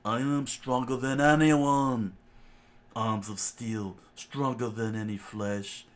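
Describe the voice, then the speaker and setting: A man reading a storybook and voicing a boastful, armored male pirate warlord who makes booming declarations in a fairly low voice. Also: flat delivery, unhurried, lightly acted.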